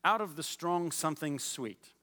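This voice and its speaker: A man voicing a bold, strong young man who sets a riddle, speaking slowly and deliberately. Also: fairly high pitch, animated, bright, forceful tone, big-room sound. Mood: challenging.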